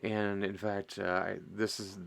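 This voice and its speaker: Rambling middle-aged man with a low voice. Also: level tone, unhurried, vocal fry, a bit bright. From Midwestern US. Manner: rambling, self-mocking, chuckles at himself. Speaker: host of a miniature painting stream. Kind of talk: casual chat while painting.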